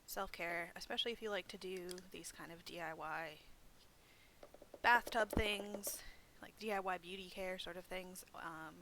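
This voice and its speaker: A woman's voice: fairly low pitch, pushed and bright, a little hiss or hum, low-quality recording. A young woman hosting a library craft demonstration, chatting casually and poking fun at herself, with lots of "um" and "like". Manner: chatty and self-deprecating, many fillers. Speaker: library program host.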